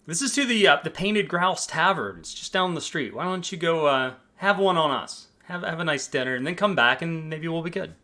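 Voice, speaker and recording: A woman's voice: sits low, expressive, fairly quick, hardly any pauses, pushed and bright, voice pushed up. A game master doing a chirpy hotel desk clerk lady. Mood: cheerful. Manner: bubbly, rambling.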